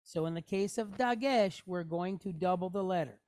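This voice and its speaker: Recorded dry, a woman's somewhat low, slightly mellow voice moves at a normal speed. She's leading a Hebrew reading class, going through it step by step with patience and frequently checking on her students with "okay? right?"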